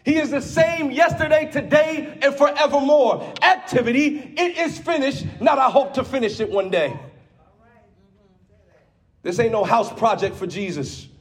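A man. He moves from soft, low teaching into loud call-and-response shouts. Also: expressive, measured pace. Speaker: preacher. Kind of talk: sermon.

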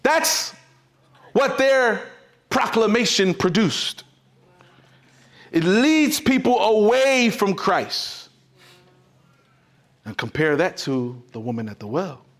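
A man's voice: sits high, very animated, slow pace, long pauses. A man preaching a sermon as pastor, emphatic and repetitive. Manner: emphatic, repetitive preaching with sudden swings in loudness.

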